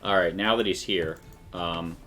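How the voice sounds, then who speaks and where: A man narrates as game master, his voice sitting very low. He stumbles through descriptions with frequent fillers and restarts. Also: fairly even intonation, sharp tone. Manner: halting, full of fillers and restarts.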